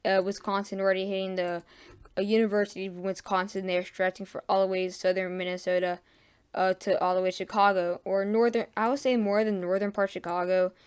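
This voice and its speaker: Woman, amateur forecaster, clear tone with little pitch movement, hesitant and self-correcting delivery. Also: little pitch movement. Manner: halting, frequent fillers and self-corrections. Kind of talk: casual weather forecast over radar maps.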